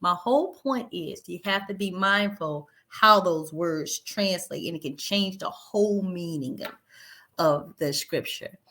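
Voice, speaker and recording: A woman leading a Bible study, reading verses aloud and explaining them in a conversational, animated way. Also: lowish voice. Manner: animated, conversational, laughs lightly, paraphrases verses in everyday speech.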